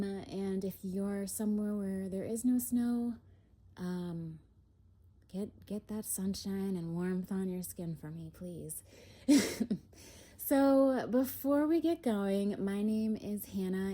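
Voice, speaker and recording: A young woman doing a casual spiritual chat as an oracle card reader, slightly out of breath, airy and unhurried, with soft laughs. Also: mid-range voice, steady tone. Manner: slow, airy, lots of "if you will" and soft laughs. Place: home, indoors.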